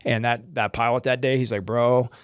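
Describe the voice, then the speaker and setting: Animated American man telling war stories. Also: medium pitch. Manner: animated, acts out dialogue in quick bursts. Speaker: guest, former recon Marine. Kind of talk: casual storytelling interview.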